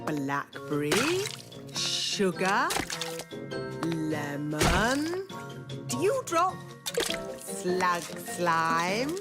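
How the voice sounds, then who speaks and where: An actress playing a prim, fussy fairy nanny in a cartoon, bossy and matter-of-fact. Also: female voice, mid-range voice, exaggerated voice. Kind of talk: cartoon voice acting.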